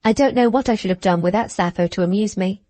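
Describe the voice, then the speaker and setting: A woman's voice: mid-range voice, fast, mellow, no echo, lightly acted. Snide gushy young woman, a lady narrator doing her in an audiobook, mocking, dry close sound. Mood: scornful gushing. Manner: scornful, effusive, mocking. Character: spiteful, gushing young woman. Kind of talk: audiobook character reading.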